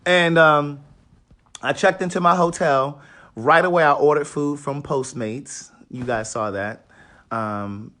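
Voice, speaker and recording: A raspy-voiced man from Maryland, an author hosting a casual livestream from a hotel room and greeting viewers by name. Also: on the high side, takes it slowly, sharp tone.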